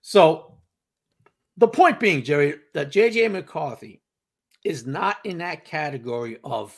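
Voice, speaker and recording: A man's voice: a little high, animated, slow pace. A man co-hosting a casual sports talk show, emphatic and repetitive, acting out the reactions of others. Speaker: podcast co-host.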